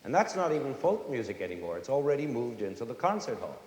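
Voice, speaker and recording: A middle-aged man giving a lively lecture on music to a young audience, now and then singing short folk tunes to make his point. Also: mid-range voice, quick pace. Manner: animated, sings and hums short folk tunes to demonstrate. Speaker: conductor and music educator. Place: large concert hall with audience. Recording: roomy concert hall reverb, faint hiss.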